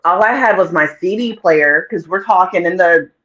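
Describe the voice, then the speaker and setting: Animated woman in her forties, lo-fi. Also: fairly low pitch, moderate pace. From North Carolina, USA. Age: 40s. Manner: animated, laughing, tumbling storyteller. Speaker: guest. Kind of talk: casual storytelling interview. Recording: dull lo-fi audio.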